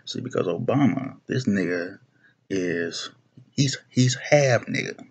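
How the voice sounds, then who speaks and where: This video blogger's political rant comes in a low-pitched, gravelly voice, animated but slow, with slight background noise. The young man talks bluntly and profanely to camera, circling back and starting phrases over.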